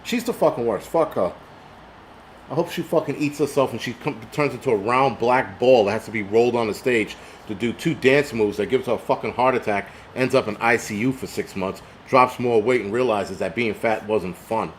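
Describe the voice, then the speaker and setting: Slightly tipsy from liquor, a middle-aged live-stream host goes on a casual profane rant and reads chat comments out loud. His pitch is medium, his pace moderate, with a little hiss or hum present.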